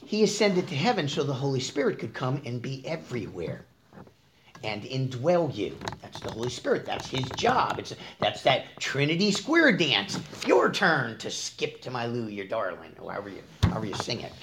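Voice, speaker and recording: A male preacher delivers a conversational sermon, quizzing his listeners and answering himself. His voice is animated, rising high for emphasis and sinking to near-murmurs. Faint background noise sits under the recording. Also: moderate pace.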